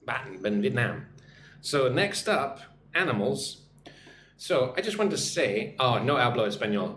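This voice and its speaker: A man's voice: medium pitch, sing-song, measured pace, fairly bright tone, echoey room. A man who teaches English online, chatting on a live stream, reading out viewer comments and greeting them in their own languages. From United States.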